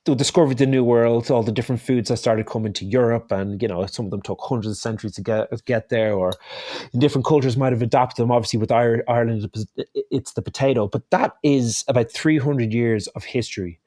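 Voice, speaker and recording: A man's voice: mid-range voice, quick pace, warm tone, dry recording, clean studio sound. A man speaking as a chef guest in a casual interview, hesitant and often restarting his phrases.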